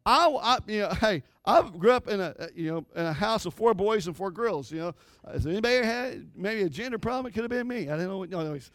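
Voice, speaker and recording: A man's voice: high voice, lively intonation, fast, fairly bright tone, dry recording. A middle-aged man preaching a sermon with impassioned, rising and falling emphasis. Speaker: pastor.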